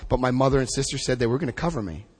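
Brief: lively male recovery speaker, medium pitch, big swings when quoting people, echoing hall. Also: very fast, slightly rough. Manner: animated, acts out dialogue with big pitch jumps. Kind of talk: personal storytelling talk. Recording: echoey hall.

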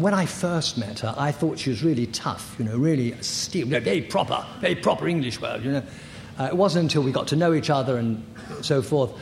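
Older man telling a halting, candid story. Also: medium pitch. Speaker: recovery meeting speaker. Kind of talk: personal testimony. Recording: echoey hall with faint noise.

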